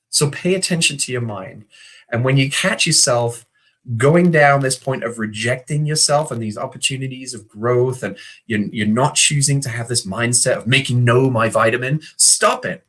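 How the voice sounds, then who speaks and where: An earnest middle-aged man leads a motivational video talk built around stories, voicing the characters he quotes. His voice is mid-range with a fairly bright tone.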